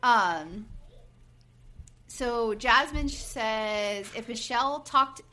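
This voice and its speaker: A woman in her forties with a fairly high voice speaks very slowly as a podcast co-host. She casually recaps a reality show, animatedly acting out what people said and using lots of fillers.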